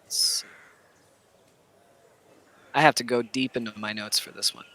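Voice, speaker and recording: A man narrating a tabletop game as game master, casual and halting with many fillers. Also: mid-range voice, steady tone, sharp tone.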